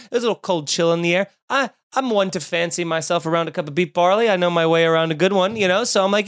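Animated high-voiced male storyteller. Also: a little fast, few pauses, clean tone. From Long Island. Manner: animated, exaggerated comic retelling. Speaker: podcast host. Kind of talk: casual comic storytelling.

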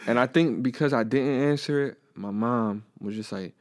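A man co-hosting a podcast in casual chat, starting haltingly and often finishing his partner's sentences. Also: medium pitch. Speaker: podcast co-host.

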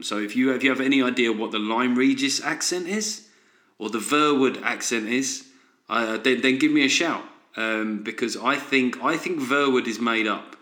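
A man's voice: medium pitch, sharp tone. A man hosting a solo comedy podcast, ranting sardonically and tossing in frequent "right?" asides. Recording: roomy echo.

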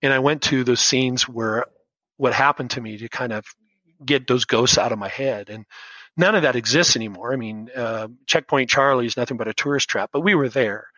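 A man's voice: mid-range voice, moderate pace, sharp tone, dry recording, highs cut off. Earnest man, dry close sound. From United States. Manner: earnest, rambling with frequent restarts. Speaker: guest, schoolteacher. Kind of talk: personal storytelling in a podcast interview.

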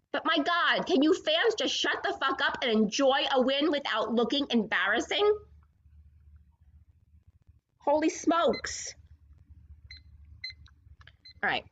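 A woman's voice: high-pitched, fairly bright tone, lo-fi sound. A woman hosting a sports podcast, ranting in a combative, profane and sarcastic way. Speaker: podcast host.

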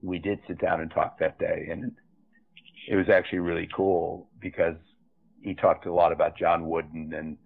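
Here a low-voiced older man, a film director, chats his way through interview anecdotes, drifting into asides as he goes. His pace is moderate, his pitch barely moves, and there's vocal fry, all heard over a tinny, phone-like remote line.

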